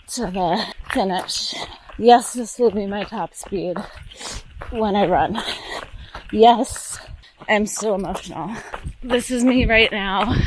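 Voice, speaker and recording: A woman's voice: medium pitch, a little hiss or hum, rough recording. A woman vlogging on a handheld camera while hiking and running a long mountain race outdoors. She rambles, sounds tired and swears bluntly. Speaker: vlogger recapping her ultramarathon. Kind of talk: breathless running vlog commentary. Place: outdoors on a foggy mountain trail. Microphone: handheld pocket camera.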